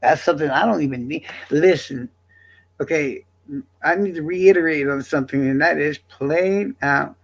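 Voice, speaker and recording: High, gravelly man ranting at his chat. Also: normal speed. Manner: defensive, profane ranting at chat. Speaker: livestreamer. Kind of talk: casual livestream chat.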